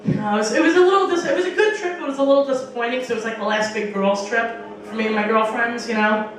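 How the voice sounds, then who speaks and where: A young woman talks fast in a voice on the high side, doing stand-up on a small bar stage for a live audience. Her profane stories come with acted-out quotes, and the recording is echoey, taken from a distant mic.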